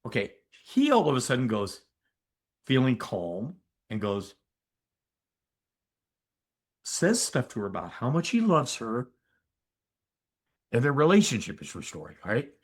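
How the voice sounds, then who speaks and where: An older physician, guesting on a podcast, shares his story conversationally with emphatic, lively energy. His mid-range pitch swings widely as he presses into key moments, and he often pauses to check in with the listener.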